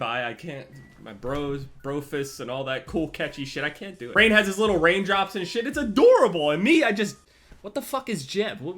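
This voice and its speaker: Animated young man, high lively voice. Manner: animated, profane, wildly swinging loudness. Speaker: YouTuber. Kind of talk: storytelling vlog.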